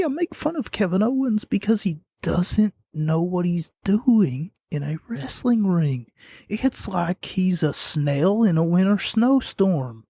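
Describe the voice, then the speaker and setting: A man hosts a casual podcast and rants sarcastically about wrestlers. His voice sits a little high but sounds mellow and unhurried. The recording is dry and close. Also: sing-song, husky, no echo. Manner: sarcastic, mocking rant with mimicked chants. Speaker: podcast host.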